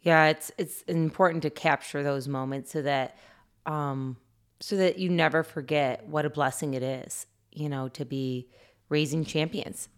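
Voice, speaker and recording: A middle-aged woman co-hosting a parenting podcast, speaking in a warm, reflective way. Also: deep voice, fairly even intonation, measured pace, clean tone. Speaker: podcast co-host, mother of six. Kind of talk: casual conversation.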